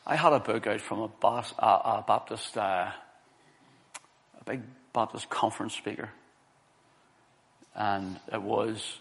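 Middle aged guy preaching, gravelly creaky voice, earnest, hits his words hard. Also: lowish voice, a little fast. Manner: earnest, building to emphatic stresses. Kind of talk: sermon with a personal story.

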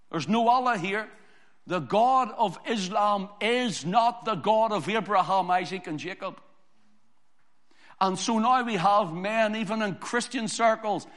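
Preacher, male, fairly high voice, forceful repetitive sermon delivery, long reverb. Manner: emphatic, repetitive preaching cadence.

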